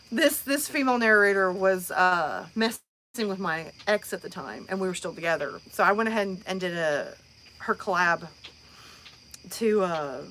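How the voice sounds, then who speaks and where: A woman's voice: mid-range voice, fairly bright tone, slight background noise. Rambling woman chatting on a live stream. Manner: rambling, chatty, many fillers and restarts. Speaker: host. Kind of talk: casual live-stream chat.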